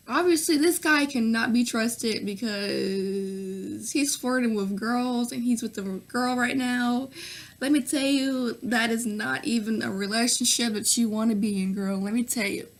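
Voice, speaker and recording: A young woman from Nashville with a Southern accent, chatting through viewer questions in a casual vlog, full of fillers and pet names, often laughing between answers. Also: fairly high pitch. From Nashville, Tennessee. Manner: chatty, full of fillers and "girl", "sis", "y'all". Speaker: vlogger.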